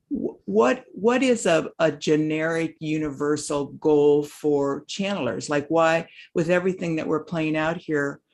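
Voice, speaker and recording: A woman whose mouth is still numb from the dentist, asking halting, searching questions on a video call. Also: low voice, creaky, darkish tone. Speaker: webinar participant. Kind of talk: casual chat on a video call.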